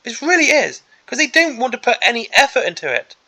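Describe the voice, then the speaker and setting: A man's voice: very high voice, sing-song, brisk, sharp tone. A man hosting a miniatures hobby channel, giving an exasperated, sarcastic ranting commentary on a product preview.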